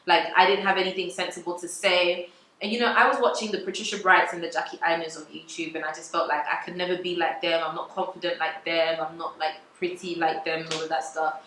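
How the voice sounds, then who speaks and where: A young woman talks to her viewers in a relaxed, confessional way and laughs easily. Her voice is bright and forward. The room is echoey, with a faint hum of ambience behind her. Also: fairly low pitch, quick pace. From England. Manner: chatty, confessional, laughs often. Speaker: vlogger. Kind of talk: casual vlog talk to camera.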